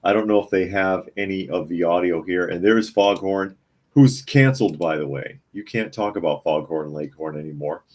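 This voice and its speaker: A man's voice: deep voice, fairly even intonation, a little fast, few pauses. A man hosting a live news talk podcast from his home office, chatting casually and reading headlines aloud with his own comments. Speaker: podcast host.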